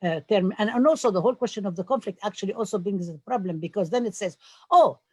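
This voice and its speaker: Husky, dry-voiced scholar. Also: mid-range voice, darkish tone, no echo. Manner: halting with fillers, then emphatic. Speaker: scholar on a panel. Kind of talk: panel discussion.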